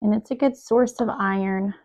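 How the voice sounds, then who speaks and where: Frazzled mom chatting while cooking. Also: female voice, medium pitch, normal speed, a little mellow. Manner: emotional, rambling storytelling. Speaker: mom vlogger cooking at home. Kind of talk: casual chat while cooking. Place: home kitchen.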